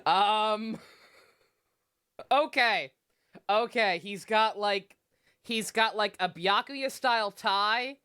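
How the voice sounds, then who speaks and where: A woman's voice: mid-range voice, slow, long pauses, pushed and bright, smooth. Laughing, swearing woman game streamer. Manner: casual, swears a lot, laughs often. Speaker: let's play streamer. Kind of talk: game commentary.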